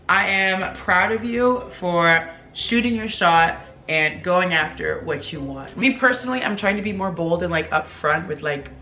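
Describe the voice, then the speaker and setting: A woman's voice: mid-range voice, sharp tone, echoey room, a little hiss or hum. A woman vlogger talking casually to her viewers, chatty and full of "like", with big upward swoops in her voice. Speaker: vlogger reading viewer confessions. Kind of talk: casual chat.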